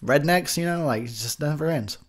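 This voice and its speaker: Man, home mic, rambling profane movie-commentary host, a touch high. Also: brisk. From Texas. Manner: rambling, swearing, frustrated ranting. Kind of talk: drunk casual movie commentary. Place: home room near a window. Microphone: home recording mic.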